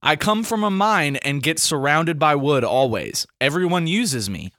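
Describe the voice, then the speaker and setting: A young man from Alabama hosts a casual podcast chat. His voice sits a little high, and the dry, close sound carries no room echo. He is playful and stretches his words when he reads out riddles. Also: big pitch swings, measured pace, fairly bright tone. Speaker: podcast host.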